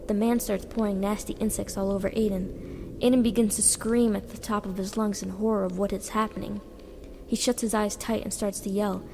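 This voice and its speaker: A woman reading her own short story aloud in a plain, steady way. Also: mid-range voice, brisk, vocal fry, slight background noise. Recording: reverberant with background music.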